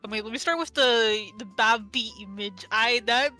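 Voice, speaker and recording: Bright-voiced woman gushing on a stream, giggly, a bit high, music behind. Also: moderate pace. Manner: excitable, giggly, talks in bursts. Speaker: vtuber artist on a panel. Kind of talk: casual stream chat.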